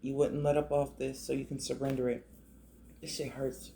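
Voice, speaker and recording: A man's voice: mid-range voice, completely flat delivery, moderate pace, warm tone, a little hiss or hum. A man giving a casual, emotional tarot reading, talking conversationally with many restarts. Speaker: tarot reader.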